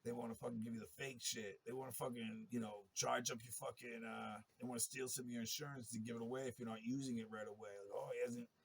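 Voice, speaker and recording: Man, gravelly voice, rambling profane monologue, agitated. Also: mid-range voice, little pitch movement, quick pace, hardly any pauses, a little hiss or hum. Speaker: interviewee telling his story.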